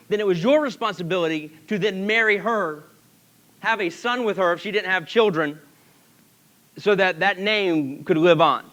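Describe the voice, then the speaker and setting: A man's voice: sits high, fairly bright tone. A man preaching a sermon as pastor, telling the story with animation and asking the congregation questions.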